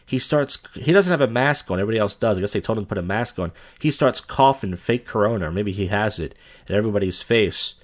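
A man with a somewhat low voice comments casually on clips. His tone is crude and sarcastic. He talks in an offhand, rambling way. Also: animated, fast talker. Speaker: reaction video host.

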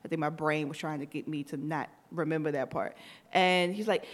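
A woman in her thirties, co-hosting a podcast, telling a story in casual chat with lively acted-out quotes. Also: low voice, a little fast. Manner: animated, tells stories with acted-out quotes. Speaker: podcast co-host.

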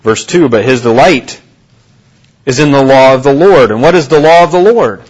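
A man's voice: medium pitch, expressive, normal speed, dull audio. A man preaching a sermon to his congregation, in an earnest manner, often repeating and restarting his phrases and asking questions. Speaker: pastor. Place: church.

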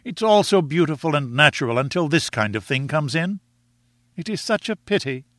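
Proud young woman, composed, gently reproving, audiobook dialogue, voiced by a male reader. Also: fairly high pitch, expressive, moderate pace, no room sound, clean studio sound, pitched above the performer's own voice. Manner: gentle, reasoning, lightly reproving.

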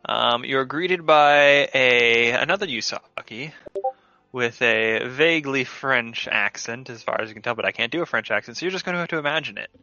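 Brief: male game master, casual and chatty, bright voice, dry muffled lo-fi audio. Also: medium pitch, normal speed, creaky, no echo. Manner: casual, laughing, filler-heavy narration. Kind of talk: narrating a tabletop game.

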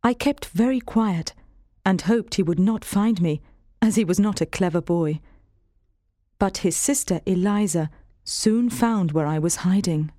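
A woman reads a storybook aloud in a steady, clear first-person voice. The sound is dry and close, with no room around it. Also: medium pitch, measured pace, no room sound. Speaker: narrator. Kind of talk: scripted storybook narration.

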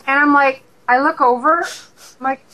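A woman from Canada, a paranormal investigator, telling stories as a radio guest in an animated way and acting out dialogue. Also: sits high, moderate pace, poor audio. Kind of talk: casual storytelling interview.

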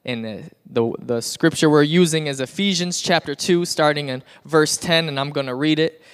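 A young man preaching a youth sermon in a church, telling stories in a playful, animated way with asides to the crowd. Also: a little high, moderate pace, clean tone. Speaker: youth pastor. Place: church sanctuary.

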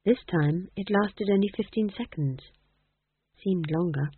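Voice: mid-range voice, a little slow, slightly rough, no echo. A reader giving dry, wry scripted narration of a fantasy novel. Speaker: audiobook reader. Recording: tinny, dry phone-like audio.

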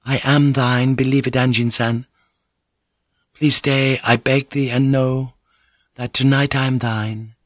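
A man voicing a gentle, devoted noblewoman who speaks formally and soothingly. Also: medium pitch, little pitch movement, takes it slowly, long pauses, no echo, close to an everyday voice. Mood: tender. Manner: soothing, formal old-fashioned speech.

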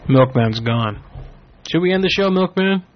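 Brash, profane prank radio host. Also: male voice, on the high side, expressive, normal speed. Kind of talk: prank call radio show. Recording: dull lo-fi with faint music.

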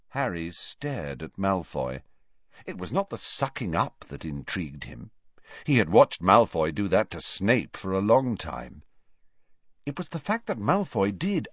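Animated male audiobook narrator. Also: fairly low pitch, no room sound, muffled recording. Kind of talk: scripted narration.

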